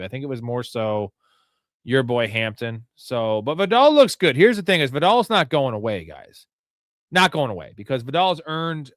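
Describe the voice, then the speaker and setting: A man's voice: mid-range voice, a bit bright, no room sound, studio quality. A tipsy man hosting a live fantasy football show, rambling, joking and swearing as he talks through the chat. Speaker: host.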